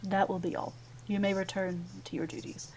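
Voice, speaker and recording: A woman voicing a courtly tiefling man, a high priest, in a fantasy game. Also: level tone, brisk, darkish tone, a little hiss or hum, close to an everyday voice. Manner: polite, courtly phrasing.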